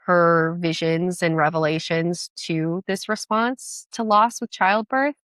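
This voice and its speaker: A woman chatting as a podcast guest, enthusiastic and quick, with many restarts. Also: fairly low pitch, steady tone, fairly bright tone, no room sound. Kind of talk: casual podcast chat.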